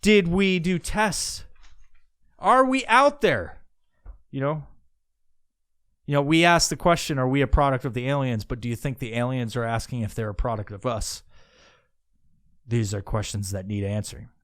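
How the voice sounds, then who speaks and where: A man's voice: mid-range voice, steady tone, normal speed, no room sound, clean studio sound. A man hosting a podcast, musing aloud in a meandering, profane way, with many restarts and asides. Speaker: podcast host. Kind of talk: casual rambling monologue.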